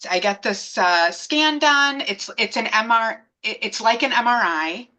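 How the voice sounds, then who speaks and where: Bright-voiced woman telling her story. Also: a little high, unhurried. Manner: animated, acts out both sides of remembered conversations. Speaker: interview guest. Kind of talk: conversational storytelling.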